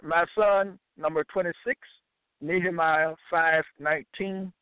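A man teaching from scripture in a deliberate, measured way, citing each chapter and verse aloud. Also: on the high side, expressive, no echo. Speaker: bible teacher. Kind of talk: slow scripture reading and teaching. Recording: dry, tinny phone-like sound.

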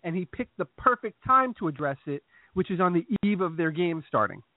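A man co-hosting a casual sports podcast, talking his opinions through in a measured way with frequent restarts. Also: sits high, big pitch swings, dry recording. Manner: measured, reasoning, repeats starts. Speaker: podcast co-host. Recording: dry tinny phone-like sound.

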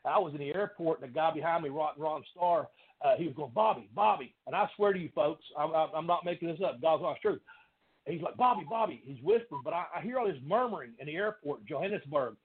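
A man telling animated wrestling stories in casual chat, laughing often. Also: a little high, quick pace, husky. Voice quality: country accent. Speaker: guest, former pro wrestler. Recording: phone-like line with faint noise.

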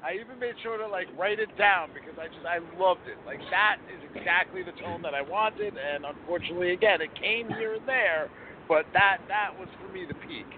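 A man's voice: sits high, fairly quick. A man co-hosting a casual movie review chat, swearing and stressing his points by repeating them. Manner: emphatic, profane, repeats points for effect. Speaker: podcast co-host. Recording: tinny phone-like line, faint hiss.

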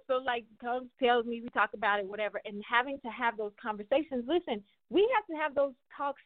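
Middle-aged woman host, animated casual talk, slangy, fairly high voice, tinny phone-like sound, dry. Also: a little fast, no room sound. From United States. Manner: animated, conversational, with slang and restarts.

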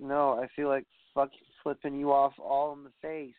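A man's voice: mid-range voice, fairly even intonation, unhurried, no room sound. A man giving a rambling, profane rant as a wrestling commentator, sounding exasperated. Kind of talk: ranting podcast commentary. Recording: dry tinny phone-like audio.

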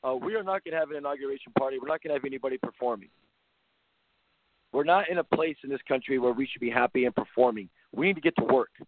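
A man's voice: mid-range voice, fast, slight background noise. A man hosting a talk show as a basketball coach, ranting bluntly and sarcastically with lots of repetition. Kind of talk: opinionated talk-radio rant. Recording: phone-line sound, dry.

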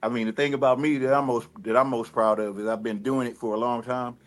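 A man with a Detroit accent, guest on a radio interview, talking in a relaxed, rambling way full of fillers and restarts. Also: mid-range voice, fast talker. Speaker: rapper guest. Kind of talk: casual interview talk.

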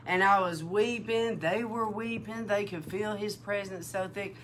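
A woman minister giving an emotional testimony in a sermon, telling her story with animated feeling. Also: mid-range voice, measured pace, slight background noise. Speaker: prophetic minister.

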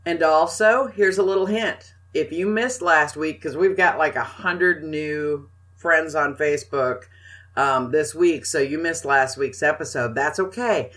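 A woman's voice: low voice, measured pace, a bit bright. An older woman co-hosting a casual podcast, giving bossy, teasing instructions and banter. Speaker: podcast co-host. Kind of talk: casual chat.

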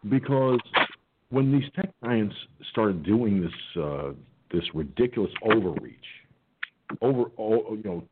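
A man hosting an online talk radio show, talking in a folksy, halting way with many restarts. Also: lowish voice, lively intonation, noisy background. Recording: phone-like lo-fi audio.

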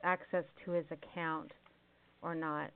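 A woman's voice: low-pitched, little pitch movement, a little slow, clear, resonant tone, dry recording. A woman hosting a call-in radio show, chatting affectionately with callers. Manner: affectionate, calls callers endearing names. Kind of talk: casual call-in chat. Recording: tinny phone line.

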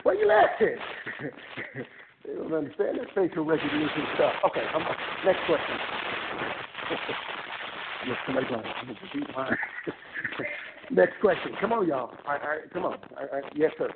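Animated man giving a motivational talk. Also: on the high side, a little slow, long pauses. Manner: animated, joking with the audience. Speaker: guest speaker. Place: university lecture room. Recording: tinny phone-like recording with noise.

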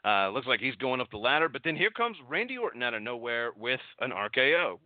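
A man recaps a wrestling show in a loose, rambling way, full of sarcasm and casual swearing. His pitch swings widely as he talks. The audio is dry and narrow, like a phone line. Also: sing-song, brisk, dry recording. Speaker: podcast host recapping wrestling.

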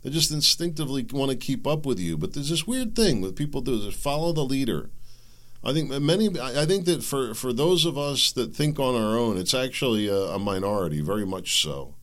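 A show host with a mid-range, sing-song voice speaks a little fast on his solo commentary podcast, launching into heated rants full of repetition and self-interruption. Now and then he coughs, and he throws in sarcastic asides mimicking his opponents.

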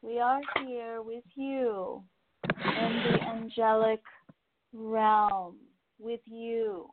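Woman voicing a chorus of angels, solemn, incantatory, slow, phone-like line. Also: on the high side, level tone, slight background noise, pitched above the performer's own voice. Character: collective angelic spirits, calm and solemn. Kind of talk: channeled spirit message.

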